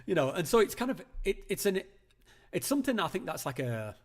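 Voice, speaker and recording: Fast and high-voiced, with big swings in pitch, a man runs a live call-in stream from his home, chatting loosely and rambling through many fillers and restarts.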